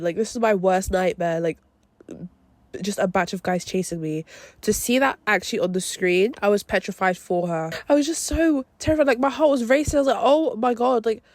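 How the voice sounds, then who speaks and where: A young woman hosting a podcast, reviewing a film in a casual, animated way full of slang and swearing. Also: medium pitch, dry recording. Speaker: podcast host.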